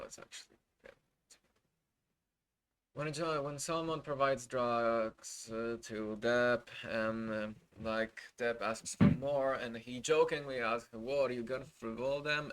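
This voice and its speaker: A man's voice: mid-range voice, a bit bright, clean tone. A man streaming casual reaction commentary, rambling and exasperated, with many restarts.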